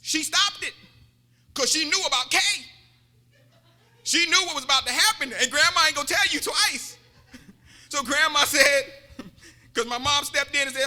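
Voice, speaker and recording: Brief: male preacher, very high bright voice, playful call-and-response sermon, echoing church hall. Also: normal speed, long pauses. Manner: joking, repetitive, calls out to the congregation.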